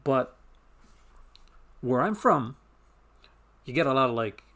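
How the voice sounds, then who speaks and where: A man from Newfoundland talks with a Canadian accent in casual live-stream chatter. His pitch sits at an ordinary middle level. He rambles, trips over his own sentences and chuckles along the way. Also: expressive, slow pace, a bit bright. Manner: rambling, self-interrupting, chuckles often.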